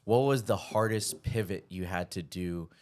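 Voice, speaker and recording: Brief: a laid-back, slangy host from Hawaii, a man with a lowish voice. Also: normal speed, a little mellow. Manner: laid-back, slangy, calls people dude. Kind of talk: casual interview chat.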